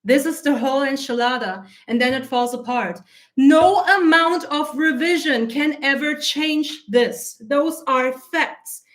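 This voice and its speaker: A woman coach talking in a blunt, animated, heavily profane way, her eyes teary from an allergy. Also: high voice, a little slow. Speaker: self-concept coach. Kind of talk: casual spoken monologue.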